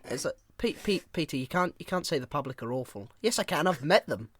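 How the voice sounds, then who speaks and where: A man's voice: fairly high pitch, a little fast, noisy background. Swearing British man telling a story. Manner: animated storyteller, acts out quarrels, swears freely. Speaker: podcast co-host. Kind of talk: casual chat, anecdote telling.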